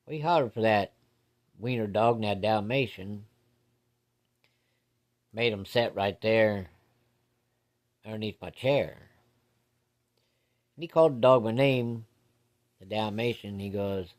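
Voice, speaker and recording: A man's voice: lowish voice, a little slow, pauses often. A man telling a personal ghost story from his childhood in a folksy, plain-spoken way with casual swearing.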